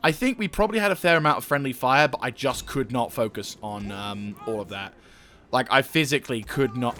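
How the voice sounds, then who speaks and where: A young man giving let's-play commentary, excitedly barking orders at his troops, swearing, and rambling about the game. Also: mid-range voice, brisk, faint music behind. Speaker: gaming channel host.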